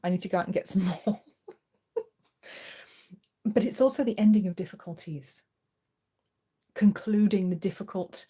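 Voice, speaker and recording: A woman's voice: medium pitch, normal speed, pauses often, mellow, slightly rough. A woman hosting a live tarot reading, chatty and reassuring, encouraging listeners in a casual spoken style. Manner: coos to her cat in a playful voice. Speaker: tarot reader and channel host.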